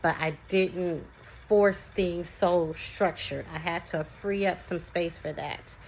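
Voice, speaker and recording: A young woman speaks as a parent in a relaxed, chatty storytelling way, full of ums and restarts. Her voice sits on the lower side for a woman. A faint background hum lies under it. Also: takes it slowly, poor audio. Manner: chatty, with many fillers and restarts. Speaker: parent sharing experience. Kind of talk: casual storytelling to camera.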